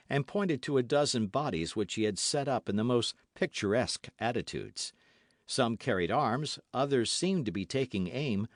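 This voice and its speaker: A man narrating a classic novel as an audiobook, reading in an expressive, dramatic manner. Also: medium pitch, no echo, studio quality. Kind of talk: scripted narration.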